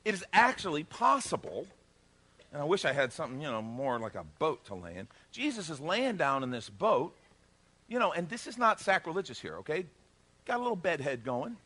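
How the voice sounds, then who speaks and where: Animated high-voiced male pastor. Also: brisk. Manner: animated storytelling with acted-out dialogue and jokes. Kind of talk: sermon.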